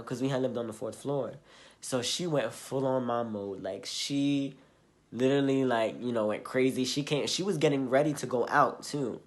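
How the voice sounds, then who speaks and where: A man's voice: medium pitch, normal speed. Earnest young man rambling through a story. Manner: rambling, filler-heavy, earnest. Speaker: vlogger. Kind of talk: casual storytime monologue.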